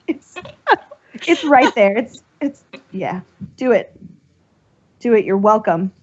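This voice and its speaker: A woman co-hosting a fan podcast, talking casually in an excitable, rambling way with lots of laughter. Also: mid-range voice, slow, a little hiss or hum. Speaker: podcast co-host. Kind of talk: casual chat. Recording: dull lo-fi podcast audio.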